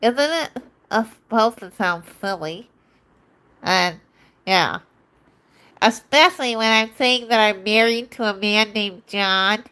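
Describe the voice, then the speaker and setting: A woman putting on a silly, childlike funny voice, playing a wife griping about her husband in a deliberately annoying way. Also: mid-range voice, bright, forceful tone, low-quality recording. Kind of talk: live-stream joke voice.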